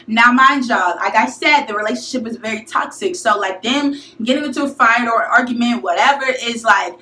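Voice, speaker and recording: A young woman from St. Louis telling a college story to her viewers in a casual, slangy, animated way. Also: on the high side, a little fast. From St. Louis, USA. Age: young adult. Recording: echoey room, mic at a distance.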